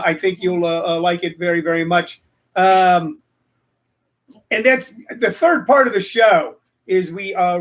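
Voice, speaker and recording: A man from Missouri, US, hosts a live-streamed comedy talk show in a playful, showy manner, rambling with lots of fillers. His voice is high and a bit bright.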